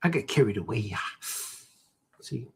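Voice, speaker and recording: A man's voice: medium pitch, lively intonation, measured pace, gravelly, slightly rough. A man, a cartoonist, chatting casually while he draws, rambling playfully and joking to himself. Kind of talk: casual chat while drawing.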